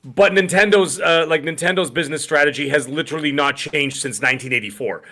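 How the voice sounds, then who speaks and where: A middle-aged man co-hosting a gaming podcast in rambling, animated casual chat with many restarts. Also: fairly high pitch, a little fast. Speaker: podcast co-host.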